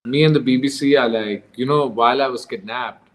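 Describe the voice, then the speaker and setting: A man from Pakistan, an interview guest, telling his story in a lively conversational way, acting out the voices of the people he met and laughing between lines. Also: medium pitch, fairly quick, low-quality recording.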